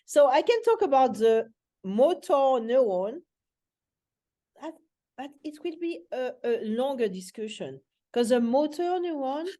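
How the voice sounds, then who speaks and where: A woman's voice: sits high, very animated, unhurried, mellow. A woman life coach hosting a casual coaching chat, speaking in an earnest, reflective way.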